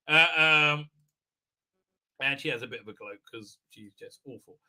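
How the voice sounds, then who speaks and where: A man's voice: mid-range voice, normal speed, long pauses, pushed and bright. A man hosting a livestream, giving a rambling, sarcastic commentary, full of fillers and restarts. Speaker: livestream host reviewing a TV episode.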